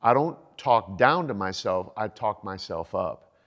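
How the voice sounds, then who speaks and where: A man in his sixties, a fitness coach talking as a podcast guest in an energetic, motivational way. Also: on the low side, a little slow, big-room sound. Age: 60s. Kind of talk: casual podcast conversation.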